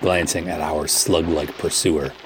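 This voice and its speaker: A man reading a first-person pulp adventure audiobook in a measured, matter-of-fact way. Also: extremely low pitch, level tone, a little hiss or hum. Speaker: narrator.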